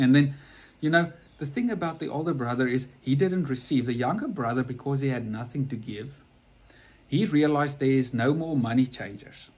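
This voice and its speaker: Male preacher, earnest conversational storyteller, slightly husky voice, mid pitch. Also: a little mellow. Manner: earnest, repeats and restarts words.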